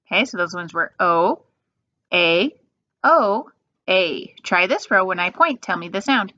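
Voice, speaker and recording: Slow, patient woman teaching phonics. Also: on the low side, expressive, bright, forceful tone, no room sound. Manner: slow, patient, drawn-out sounds. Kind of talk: phonics lesson for young children. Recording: dull lo-fi sound.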